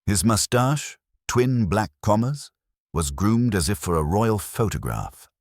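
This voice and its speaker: A man's voice: fairly low pitch, big pitch swings, a little slow, a little mellow, no echo, studio quality. A man giving dramatic, scripted audiobook narration.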